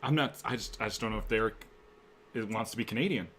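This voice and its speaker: A young man co-hosting a casual talk show, relaxed and agreeable, often trailing off into a low mutter. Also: quick pace, a little hiss or hum. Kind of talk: casual chat.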